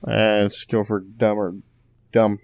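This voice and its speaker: A man's voice: on the low side, little pitch movement, takes it slowly, a little mellow, dry recording. A man playing a tabletop role-playing game, talking casually and a bit hesitantly. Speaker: player.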